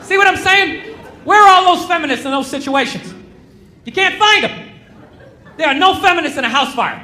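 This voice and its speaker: A man performs a stand-up set on a handheld mic, his voice sitting very high for a man. He rants sarcastically and often breaks into shouting. The room is echoey, and a noisy crowd reacts behind him. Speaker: stand-up comedian. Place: comedy club stage with a laughing crowd.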